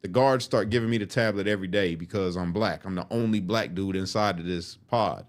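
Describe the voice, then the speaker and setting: Guy telling a wild story, low-ish voice, cussing a lot, acts out the quotes. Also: fairly quick. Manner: profane, animated, acts out quotes. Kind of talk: casual storytelling.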